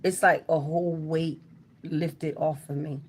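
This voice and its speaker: Young South Jersey-accented woman hosting a livestream, unhurried, lowish voice, rambling slangy chat. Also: steady tone, husky. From South Jersey, USA. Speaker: livestream host.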